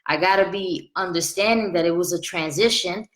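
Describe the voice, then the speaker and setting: Woman, late 30s, life coach, earnest chatty delivery, slightly low voice, roomy sound. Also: moderate pace. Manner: earnest and conversational, repeats phrases for emphasis. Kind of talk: casual motivational talk.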